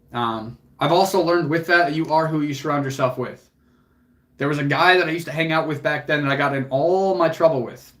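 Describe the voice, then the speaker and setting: A man's voice: fairly high pitch, fairly bright tone. A young man hosting a livestream, speaking earnestly and emotionally to viewers, motivational and casual with swearing. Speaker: fitness coach and livestream host.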